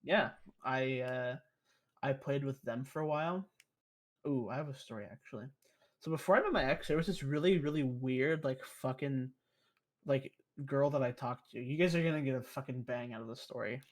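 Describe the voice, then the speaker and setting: A man's voice: medium pitch, normal speed. A young man, a podcast guest, telling rambling stories in casual, profane chat. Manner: profane, rambling, animated storyteller.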